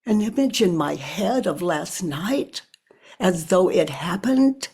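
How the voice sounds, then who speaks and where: An older woman talks through a guided self-inquiry in a very husky, breathy voice with a gravelly edge. She moves slowly and reflectively, pausing to think aloud. She often lets her voice sink to a hush. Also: fairly low pitch, expressive. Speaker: spiritual teacher.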